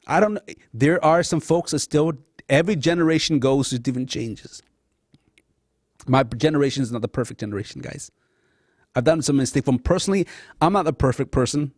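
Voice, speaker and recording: Man born in laos, high voice, passionate talk show monologue, dry close sound. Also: fairly quick, pauses often, a little mellow, no echo. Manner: passionate, addresses audience as guys. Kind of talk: emotional personal monologue.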